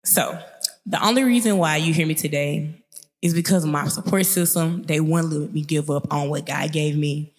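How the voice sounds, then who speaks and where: A young woman in her twenties with a thick Mississippi Southern drawl, talking to her podcast listeners in a chatty, upbeat way. Her voice sits fairly low and rings out with a long reverb tail. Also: normal speed. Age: 20s. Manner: chatty, upbeat, speeds up when excited. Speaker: podcast host. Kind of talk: casual podcast monologue.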